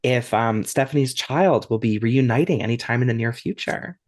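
A man hosting a podcast in a casual interview chat, expressive and reading out listener questions. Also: medium pitch, moderate pace. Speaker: podcast host.

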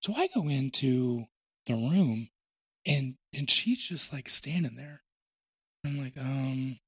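A man hosting a podcast, telling stories in a joking, animated way. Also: medium pitch, moderate pace, breathy edge, dry recording. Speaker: podcast host. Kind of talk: casual chat.

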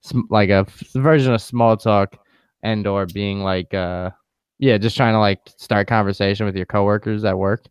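A man's voice: on the low side, fairly even intonation, moderate pace, clean tone, dry recording. A man with a New York accent co-hosting a podcast in casual, slangy chat, laughing often. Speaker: podcast co-host.

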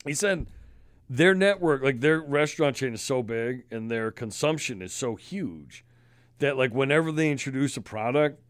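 Male podcast co-host, animated and profane, mid-pitched, recorded dry. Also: moderate pace, no echo. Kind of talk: casual chat, storytelling.

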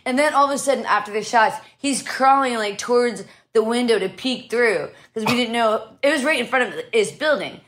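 A middle-aged woman telling a story in a casual chat, excitable and laughing often. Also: a little high, fairly quick, few pauses. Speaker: podcast guest.

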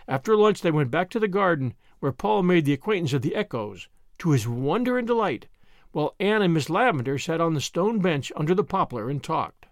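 A man narrating a novel aloud, storytelling in an expressive way. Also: fairly high pitch, a little fast, dry recording, clean studio sound. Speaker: audiobook narrator. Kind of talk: scripted narration.

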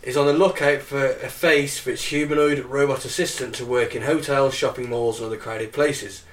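A man's voice: mid-range voice, fairly even intonation, moderate pace, a bit bright. A man in his forties co-hosting a podcast, reading news stories in a dry way between bits of banter. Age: 40s. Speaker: podcast co-host. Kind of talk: casual chat, reading news items.

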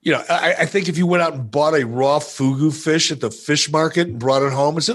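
A man's voice: on the high side, brisk, a bit bright, breathy edge. A man talking as a podcast guest, telling a story in a playful, profane, self-amused way. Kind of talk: casual storytelling.

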